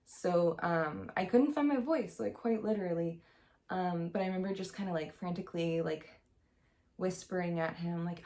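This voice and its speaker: A woman's voice: lowish voice, moderate pace, mellow. A young woman telling a personal story to camera in a casual, candid way, full of "like" and "um". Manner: chatty, heavy use of "like" and "um", candid. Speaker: vlogger.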